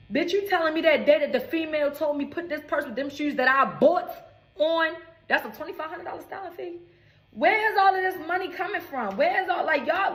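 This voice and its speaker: High-pitched woman in her twenties, swearing and indignant, storytime rant in an echoey room. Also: a bit bright. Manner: profane, indignant, emphatic. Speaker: recording artist.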